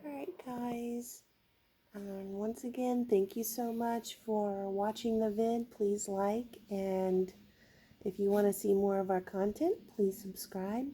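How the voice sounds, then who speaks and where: A woman hosting a home vlog channel, chatting casually and softly coaxing her kittens indoors. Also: mid-range voice, fairly even intonation. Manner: soft, coaxing, slow-paced talk.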